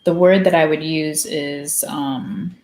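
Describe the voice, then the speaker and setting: A woman's voice: sits low, fairly even intonation, slow pace, a little mellow. A woman hosting her own channel, reading a book aloud and breaking off into blunt, opinionated commentary. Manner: opinionated, blunt asides between read passages. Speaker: channel host.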